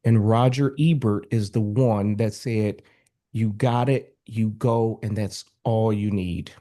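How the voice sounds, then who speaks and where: Mellow-voiced man talking earnestly. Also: on the low side, steady tone, takes it slowly. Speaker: guest. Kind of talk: casual chat.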